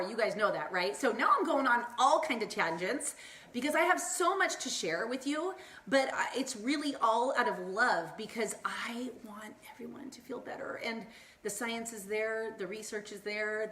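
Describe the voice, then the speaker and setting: A woman's voice: medium pitch, sharp tone, echoey room. A woman in her thirties from Southern California chatting on a live stream, bubbly and encouraging, wandering off on tangents and acting out quoted lines. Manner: bubbly, tangent-prone, acts out quoted voices. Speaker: wellness vlogger. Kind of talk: upbeat motivational Facebook Live chat. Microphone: phone or laptop mic, live stream.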